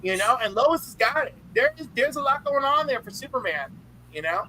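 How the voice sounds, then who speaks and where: Woman panelist, bright and crisp, playful, gushing, casual talk. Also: high voice, big pitch swings, a little fast, rough recording. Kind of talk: casual group chat.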